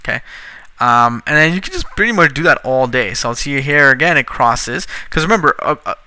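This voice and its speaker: A man teaching a trading strategy over a screen recording, casual and increasingly frustrated, swearing at his slow computer. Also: medium pitch, lively intonation, bright, forceful tone, clear, resonant tone. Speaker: trading instructor.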